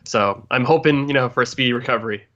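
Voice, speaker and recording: A man's voice: mid-range voice, fast talker, a bit bright, lo-fi sound. A man co-hosting a live podcast, hesitant and starting over often. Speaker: podcast co-host. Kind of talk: casual live podcast chat.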